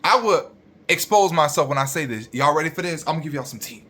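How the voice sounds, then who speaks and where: A man's voice: a little high, expressive, fast, pushed and bright. A young man, a registered nurse, ranting bluntly and profanely straight at his viewers.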